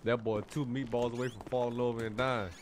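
A man's voice: medium pitch, flat delivery, fast talker, background noise. A man bantering in character in a role-play game, teasing in heavy slang.

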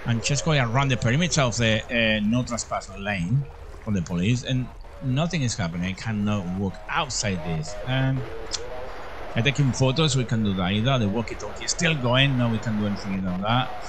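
A man's voice: medium pitch, fairly quick, noisy background. A man commentating as he plays a horror game, jumpy and full of exclamations, often calling out to his viewers. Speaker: horror game let's-player.

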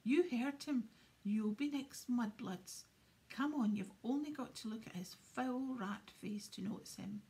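A woman's voice: a little high, unhurried, mellow, lightly acted. A woman voicing a hot-tempered teenage schoolboy, sullen and sarcastic. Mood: grumpy sarcastic.

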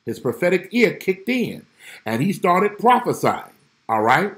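Animated preaching man, lively pitch. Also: moderate pace. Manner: emphatic preaching, repeats phrases, greets online viewers by name. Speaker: pastor. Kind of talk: livestream Bible study sermon.

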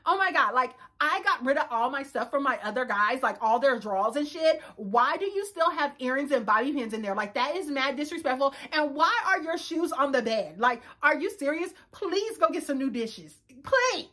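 A woman in her thirties recapping a reality dating show in a sassy, loud, casual way, switching speeds and pitch often. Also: expressive, normal speed, few pauses. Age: 30s.

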